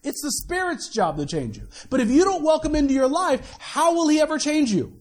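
A male pastor giving a sermon in a conversational, animated way, often restarting his sentences and adding quick asides. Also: very high-pitched. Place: church worship service.

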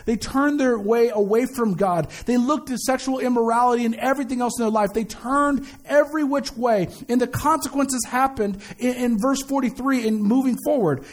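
A man in his thirties preaching a sermon in a casual, conversational way, mixing in slang and humor and repeating phrases for emphasis. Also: very high voice. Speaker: pastor.

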